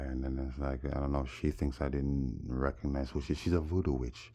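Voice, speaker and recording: Jamaican man, rambling vlog story, very low voice, husky, gravelly. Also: fairly even intonation, quick pace, hardly any pauses, mellow. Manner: rambling, addresses viewers as people. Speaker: vlogger. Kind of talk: casual storytelling monologue.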